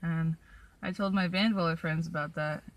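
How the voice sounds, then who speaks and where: A young woman tells stories from her travels in a loose, chatty vlog style. Her voice sits fairly low for a woman, and she talks with plenty of ums and likes. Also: steady tone, moderate pace. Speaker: solo traveler vlogger. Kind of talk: casual storytelling vlog. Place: in her van.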